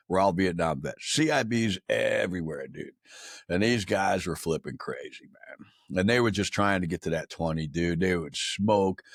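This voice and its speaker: A man's voice: sits low, creaky, no echo, clean studio sound. A man in his sixties telling stories as a podcast guest, in a blunt, profane, slangy way, calling people "man" and "dude". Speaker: podcast guest, military veteran. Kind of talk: casual storytelling in a podcast interview.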